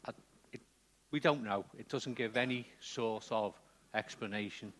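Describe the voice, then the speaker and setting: Conversational preacher. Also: male voice, on the low side, measured pace, a bit bright. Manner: conversational, frequent checking "okay?" with the congregation. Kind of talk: sermon.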